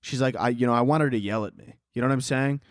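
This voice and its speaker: A man's voice: mid-range voice, fast talker, no room sound, studio quality. Sarcastic profane man ranting on a podcast. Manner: profane, sarcastic, laughing at his own jokes. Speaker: podcast host. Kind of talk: casual solo podcast rant.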